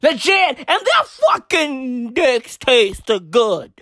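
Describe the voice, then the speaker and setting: A woman's voice: sits high, very animated, extremely slow, fairly bright tone, no room sound, studio quality. A woman doing a brash, profane comic rant and mocking other people's voices. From South Africa. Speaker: comedian.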